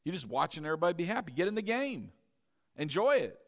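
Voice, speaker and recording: A man preaching a Sunday sermon as pastor, moving between loud exclamations and soft teaching and calling on the congregation to answer. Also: fairly high pitch, big pitch swings, fast talker. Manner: calls for congregation responses.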